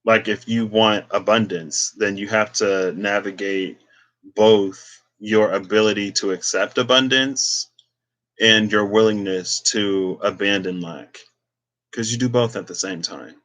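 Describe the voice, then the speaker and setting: A man's voice: lowish voice, steady tone, a little slow, fairly bright tone. A man giving a casual, reflective talk on spirituality and tarot, meandering with many fillers as he thinks aloud. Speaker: tarot reader.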